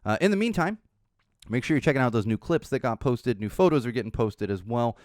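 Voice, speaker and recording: A man's voice: mid-range voice, animated, a little fast, a little mellow, no room sound, studio quality. Impassioned swearing man hosting a podcast. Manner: impassioned, blunt, swears freely. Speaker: podcast host. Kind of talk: political podcast rant and sign-off.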